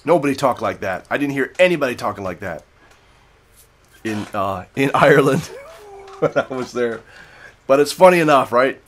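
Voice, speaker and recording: A man talks through a beer review on his live call-in stream, casual and unscripted. He drifts from story to story and often stops to correct himself. His voice sits at an ordinary middle pitch for a man. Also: animated, normal speed, pauses often. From United States. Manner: rambling, self-correcting, digressive storytelling. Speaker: livestream host reviewing beer. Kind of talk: casual unscripted livestream chat.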